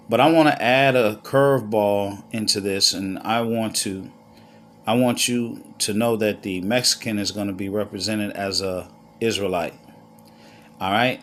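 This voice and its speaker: A man giving a scripture lesson as teacher, unhurried with pauses, checking in often with "all right?" and "okay?". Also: on the low side, fairly bright tone, slight background noise. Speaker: Bible teacher.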